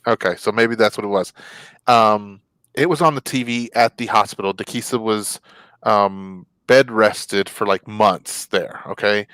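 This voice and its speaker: A man's voice: lowish voice, measured pace, clean tone, dry recording. A man co-hosting a casual chat show, telling a story with lots of laughter. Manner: animated storyteller, laughs often. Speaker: co-host.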